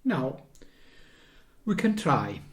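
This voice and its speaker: A man teaches recorder in a calm, unhurried way. His voice sits a bit high and he takes his time over every phrase, breaking rhythms into simple counted syllables. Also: background noise. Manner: patient, counts beats and chants rhythm syllables. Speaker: music teacher. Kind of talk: recorder lesson.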